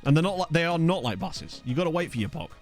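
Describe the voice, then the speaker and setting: Lively chatty young male streamer. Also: on the high side, quick pace, soft background music. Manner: rambling, self-mocking storyteller with frequent laughs. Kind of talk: casual gameplay chat with chat readers. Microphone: desktop USB mic.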